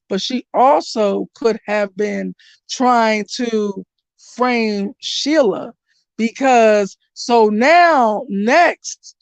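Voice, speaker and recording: A young woman talks through a soap opera plot in loose, blunt chat, throwing in slang and curses. Her voice sits a little high, and she trails off and restarts when a name escapes her. The sound is dry, with no room around it. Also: dry recording, lo-fi sound. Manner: rambling, blunt, casual slang with swearing; loses track of names, restarts. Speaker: channel host recapping a soap opera. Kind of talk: casual chat.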